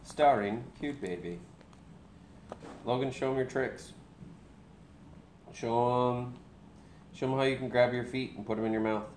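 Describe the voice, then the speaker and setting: A man's voice: medium pitch, flat delivery, normal speed, long pauses, a little mellow, a little hiss or hum. A young man, a dad, joking casually with a live stream chat while talking to his baby.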